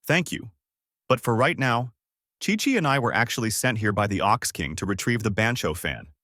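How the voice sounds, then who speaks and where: A man's voice: mid-range voice, expressive, moderate pace, pushed and bright, no room sound, clean studio sound. Goku, a cheery young fighter, voiced by a man.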